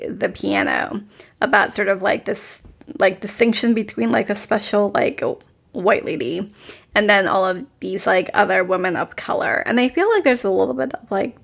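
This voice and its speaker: A woman's voice: mid-range voice, creaky, a bit bright. A woman co-hosting a podcast, chatting casually about a TV series and filling her talk with "like". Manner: chatty, many "like" fillers, quick laughs. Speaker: podcast co-host. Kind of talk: casual critical chat.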